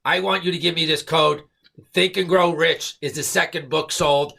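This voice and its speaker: Fired-up man with a gravelly, husky voice. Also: a little high, steady tone, normal speed, pushed and bright. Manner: repetitive, emphatic, punctuates with "okay?"; fired-up, preachy. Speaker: network marketing motivational speaker. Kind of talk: casual motivational pep talk to camera.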